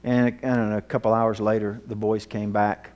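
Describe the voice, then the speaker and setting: A man telling a personal story in a sermon, earnest and emotional, his voice dropping low at the tense moments. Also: little pitch movement, moderate pace, darkish tone. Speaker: Bible teacher.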